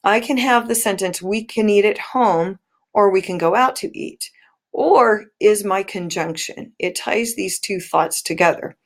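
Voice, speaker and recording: Woman teacher, unhurried, careful, pause-heavy delivery for a recorded lesson. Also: mid-range voice. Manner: slow, deliberate, stressing pauses.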